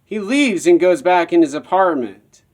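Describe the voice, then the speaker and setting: Male, slightly high voice, rambling and repetitive solo storyteller. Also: lively intonation, normal speed, darkish tone. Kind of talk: personal monologue.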